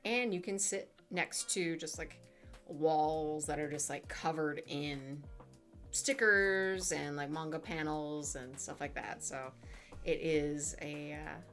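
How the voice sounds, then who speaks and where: A woman's voice: low voice, fairly even intonation, slow, fairly bright tone, faint music behind. A woman in her twenties chatting casually with her live chat as a streamer, full of fillers and playful asides.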